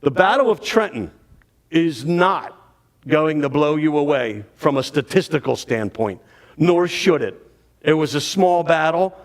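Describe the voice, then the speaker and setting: A man giving a dramatic, animated storytelling talk on history to an audience. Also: on the high side, a little slow. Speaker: history speaker.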